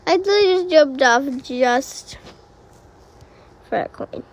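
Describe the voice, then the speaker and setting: A woman giving excitable gameplay commentary as a YouTuber, often exclaiming. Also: sits high, unhurried. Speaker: gaming YouTuber.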